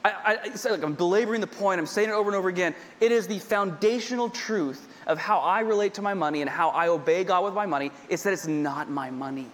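High-voiced preacher man in a reverberant hall. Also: fast talker, few pauses, a bit bright. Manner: conversational, repeats points, humorous asides. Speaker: pastor. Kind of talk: sermon. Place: large church hall with a congregation.

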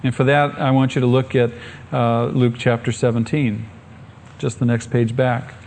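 A middle-aged male pastor preaching a sermon, rising to excited calls and asking the congregation questions. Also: medium pitch, moderate pace, gravelly, a little hiss or hum.

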